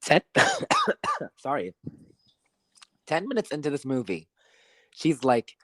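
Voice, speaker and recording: A man's voice: fairly high pitch, wildly swooping pitch, slow pace, long pauses, pushed and bright, no room sound, studio quality. A man co-hosting a podcast, ranting in a frustrated, rambling way and repeating that he doesn't know. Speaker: podcast co-host. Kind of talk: casual movie review chat.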